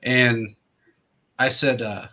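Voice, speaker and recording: A man's voice: mid-range voice, fairly even intonation, very slow, sharp tone. A man hosting a show, telling long rambling anecdotes in casual chat, full of restarts and fillers. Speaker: show host.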